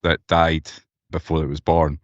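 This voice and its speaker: A man's voice: very deep voice, level tone, measured pace, no echo, highs cut off. A young Scottish man co-hosting a casual podcast chat, blunt and sweary, ranting with animation over a video call. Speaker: podcast co-host.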